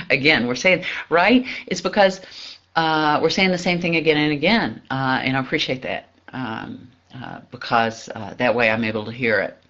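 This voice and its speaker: A man giving a reflective spiritual talk, pausing often, searching for words and laughing softly now and then. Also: medium pitch. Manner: halting, searching, with soft laughs and frequent pauses. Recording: dull lo-fi recording.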